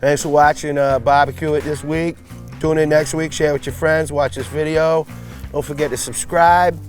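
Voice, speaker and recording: A man's voice: on the high side, steady tone, normal speed, faint music behind. A man from New England hosting a barbecue cooking vlog outdoors, upbeat and jokey as he serves food to friends. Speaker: host of a barbecue cooking channel. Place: outdoors in a backyard at a smoker.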